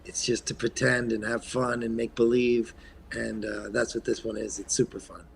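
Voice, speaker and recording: A man from Quebec, a guest actor, chatting in an interview in a soft-spoken way that often trails off, with plenty of ums and uhs. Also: medium pitch, level tone, normal speed, vocal fry. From Eastern Canada, Quebec. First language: French. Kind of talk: casual interview chat.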